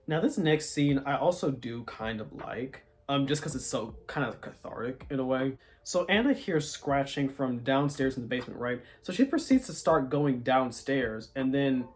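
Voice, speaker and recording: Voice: medium pitch, animated, moderate pace, few pauses. A TV show reviewer giving a casual, exasperated recap, talking in a ranting way and saying "like" constantly. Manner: exasperated, ranting, heavy use of "like". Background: faint background music.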